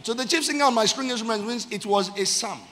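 A man preaching a sermon, calling out to the congregation and stretching key phrases with loud emphasis. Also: extremely high pitch, fast talker, big-room sound, a little hiss or hum. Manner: call-and-response with the congregation. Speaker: pastor. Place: church.

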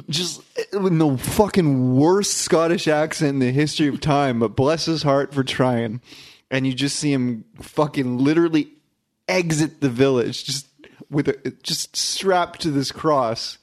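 A man in casual chat about a movie, swearing freely and laughing as he tells scenes with excitement. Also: fairly high pitch, moderate pace. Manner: enthusiastic, swearing, laughing storyteller.

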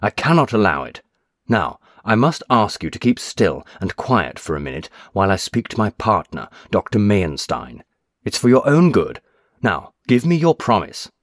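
A man reading aloud voices a stern, brisk male doctor who speaks firmly and insistently. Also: fairly low pitch, very animated, no room sound, clean studio sound. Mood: stern, probing.

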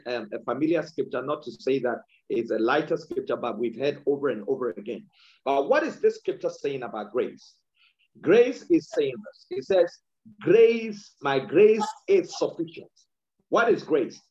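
A man's voice: fairly high pitch, a little mellow. A man preaching a sermon, repeating key phrases and drawing words out for emphasis. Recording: dull lo-fi sound.

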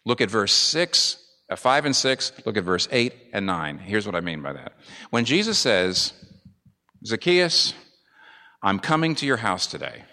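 A man's voice: lowish voice, big pitch swings, a little slow, pushed and bright. A man preaching a sermon as a pastor, earnest and building to emphatic peaks. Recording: long reverb of a large hall.

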